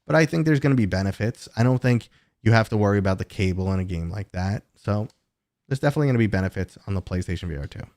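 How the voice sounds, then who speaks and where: A man in his thirties hosts a casual livestream and answers viewer questions as they come in. His voice is low, and the recording is dry with no room echo. He rambles, with plenty of fillers and restarts. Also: expressive, fast talker, a little mellow. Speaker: host.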